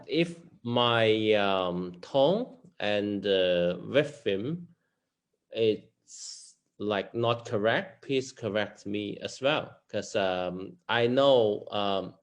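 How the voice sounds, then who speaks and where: A man with a Chinese accent, a native Chinese speaker learning English, reading vocabulary words aloud haltingly, with many fillers. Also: on the low side. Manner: hesitant, many fillers and restarts.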